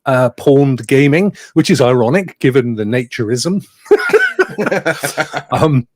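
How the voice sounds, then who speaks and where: A man's voice: mid-range voice, huge pitch swings, takes it slowly, no echo, studio quality. A man hosting a casual online talk show, chatty and greeting the live chat viewers by name. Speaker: host.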